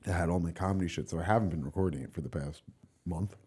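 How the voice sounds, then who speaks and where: Deep-voiced young New man. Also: very fast, dark tone, breathy edge. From Long Island, New York. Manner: rambling, laid-back, heavy filler "like" and swearing. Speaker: stand-up comedian guest. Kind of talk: casual podcast chat.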